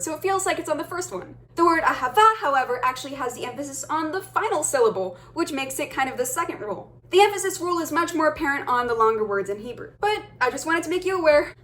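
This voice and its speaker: A young woman with a high voice runs a casual video lesson. She sounds upbeat and cheers her viewers on as she explains each step. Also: fairly bright tone. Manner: upbeat, encouraging, addresses viewers as guys. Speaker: language teacher.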